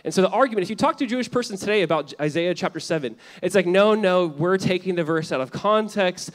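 A pastor delivering a sermon in a fairly high male voice. He talks casually, full of fillers and asides, then drives points home loudly before dropping to a hush. The delivery stays animated and conversational throughout. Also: fast talker. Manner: animated and conversational, swinging between loud emphasis and hushed lines.

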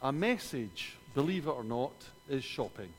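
A man's voice: mid-range voice, sing-song, normal speed, slightly rough, big-room sound. A man with a Scottish accent preaching a sermon, telling a personal story with dry humor and rhetorical questions. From Scotland.

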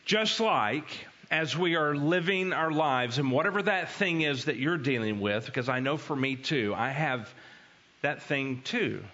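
A male pastor gives a conversational sermon in an animated, storytelling way. His voice is fairly high and bright. The recording sounds dull and lo-fi. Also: unhurried.

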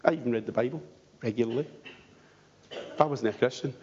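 A brisk, darkish mid-range voice belongs to a pastor earnestly pleading with his congregation through rhetorical questions. It's a dull, lo-fi recording made in a church hall, with a long reverb tail.

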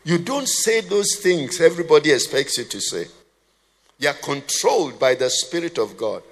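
A man's voice: a little high, animated, normal speed, a bit bright. A man preaching a sermon, conversational and humorous, quizzing his congregation with questions. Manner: humorous asides. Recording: long hall reverb.

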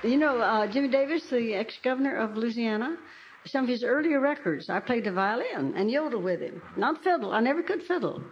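Speaking a little fast in an animated, fairly high voice, an older Arkansas woman who sings country laughs through homespun stories between songs. She's onstage at an outdoor folk park venue, captured in a dull lo-fi live recording with loud guitar music and slight background noise.

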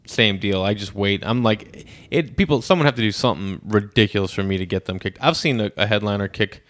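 A comedian telling a club story on a podcast, laughing and swearing loosely. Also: male voice, lowish voice, fairly quick, a bit bright, no room sound. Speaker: comedian guest.

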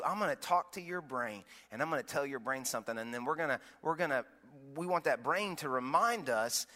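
A man's voice: fairly high pitch, sharp tone, long reverb tail. A man in his thirties, a pastor, preaching a sermon in a conversational storytelling way, often restarting his phrases. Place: church auditorium.

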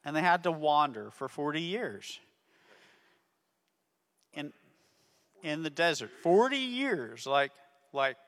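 Speaking slowly with long pauses, a ministry teacher uses a sing-song, fairly bright, slightly high voice to tell children a Bible story. He repeatedly asks "okay?", and his words ring with a hall's long reverb.

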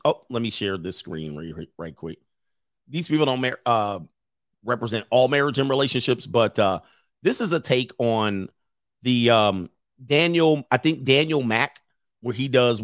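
A man hosting a casual commentary stream, brash and joking, talking over clips he pulls up. His pitch swings widely as he riffs, and the sound is close and dry. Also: dry recording. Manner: brash, joking, laughs often.

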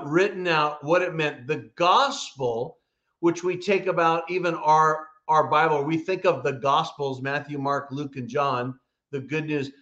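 A man preaching a sermon as pastor, storytelling with swings between emphatic and hushed delivery. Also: a little high, muffled recording.

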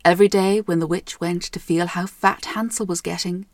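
A young Irish woman narrating a storybook tale in a gentle, measured way. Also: mid-range voice, dry recording, clean studio sound.

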